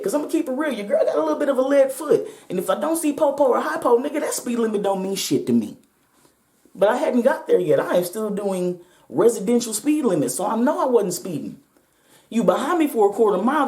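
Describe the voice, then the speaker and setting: A woman's voice: fairly low pitch, darkish tone, roomy sound. A woman vlogger telling a personal story to her viewers, blunt, profane and emphatic, her voice shaking with nerves.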